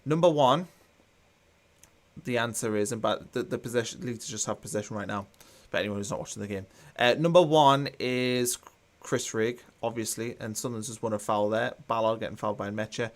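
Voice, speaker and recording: A brisk man with a lowish voice is the host of a live football watchalong. He chats casually and reads viewer comments aloud, his tone dry and mildly sarcastic.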